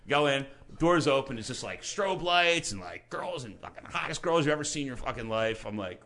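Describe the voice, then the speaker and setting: A man's voice: on the high side, fairly quick, crowd noise. A man on a podcast telling a rowdy, profane story in a casual chat, acting out what people said. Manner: animated, profane anecdotes with quoted voices. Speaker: podcast guest, band member.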